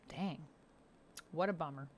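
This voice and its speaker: A cheerful Canadian woman chats from home with her live-stream audience, reading their messages aloud and rambling happily. She laughs a lot, and her pitch jumps whenever something surprises her. There's a faint hiss or hum in the background.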